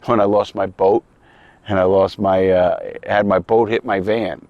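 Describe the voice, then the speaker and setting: The recording is dry and dull as a low-voiced man speaks unhurriedly with fairly even intonation. He's an ex-criminal vlogger from New York City with the local accent, talking casually to camera at a lakeside campground in a blunt, heavily profane, rambling, earnest way.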